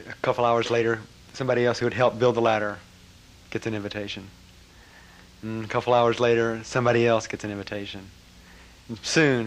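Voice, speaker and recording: A man telling a personal story to an audience, animated, with frequent laughter and trailing fillers. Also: medium pitch, a little hiss or hum. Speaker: speaker recounting a memory. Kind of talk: personal anecdote to a live audience.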